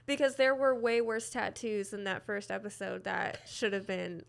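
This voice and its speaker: A woman's voice: medium pitch, steady tone, normal speed, gravelly. A woman co-hosting a casual podcast, giving frank, opinionated reactions. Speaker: podcast co-host.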